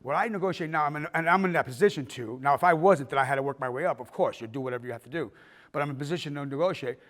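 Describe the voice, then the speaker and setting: A man's voice: a little high, rapid-fire, fairly bright tone. A middle-aged man giving a filmmaking workshop talk, telling stories with acted-out quotes and the odd swear. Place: arts center auditorium.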